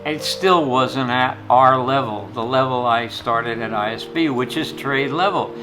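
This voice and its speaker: A man's voice: mid-range voice, measured pace, rough recording. Blunt, rambling older male teacher. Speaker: retired jewelry teacher. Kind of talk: anecdotal storytelling. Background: soft guitar music.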